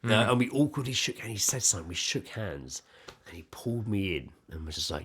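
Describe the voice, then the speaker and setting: Lower-voiced man telling stories. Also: a little fast, a little hiss or hum. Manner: animated, heavy swearing, acts out dialogue. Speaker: podcast co-host. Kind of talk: casual storytelling chat.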